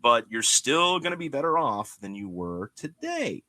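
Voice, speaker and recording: Animated man ranting on a podcast. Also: mid-range voice, normal speed, no room sound. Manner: animated, ranting, lots of "you know" and "guess what". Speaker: podcast host. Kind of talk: casual chat.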